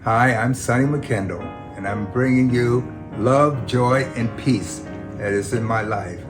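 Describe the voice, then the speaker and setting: Man, average pitch, sincere heartfelt talk, guitar music playing clearly behind. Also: a little slow. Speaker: interviewee, partner of the main guest. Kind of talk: personal testimony.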